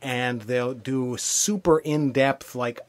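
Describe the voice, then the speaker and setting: A man's voice: medium pitch, steady tone, slow pace. A middle-aged man hosting a podcast, prompting with brief questions in casual chat. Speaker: podcast host.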